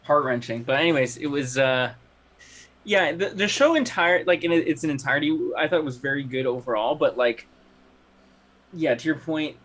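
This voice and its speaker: A man's voice: fairly high pitch, normal speed, a bit bright. A young man co-hosting a podcast in casual chat, earnest and reflective, often restarting his sentences. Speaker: podcast co-host.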